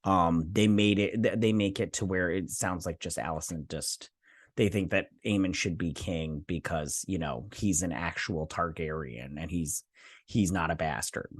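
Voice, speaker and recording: A man's voice: low-pitched, moderate pace, dry recording, studio quality. A man hosting a TV review channel, talking casually to his viewers with lots of fillers and self-corrections. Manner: chatty, addresses viewers directly. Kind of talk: casual spoken episode review.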